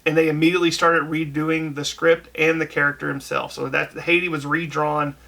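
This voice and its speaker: A man's voice: a little high, little pitch movement, moderate pace, creaky, pushed and bright. A man hosting a casual podcast chat, laying out what he has researched at length. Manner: researched, tells facts at length. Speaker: podcast host.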